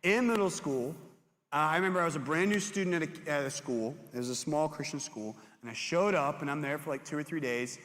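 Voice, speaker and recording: A young man preaching to middle schoolers as their youth pastor, animated and storytelling, who jumps into high voices for classmates. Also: fairly quick. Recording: hall reverb.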